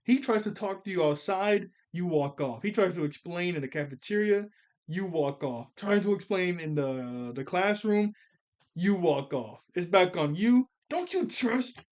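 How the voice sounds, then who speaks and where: Animated young man reviewing a cartoon. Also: high-pitched, normal speed. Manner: animated, slangy, laughs often while recapping. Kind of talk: casual episode recap and review.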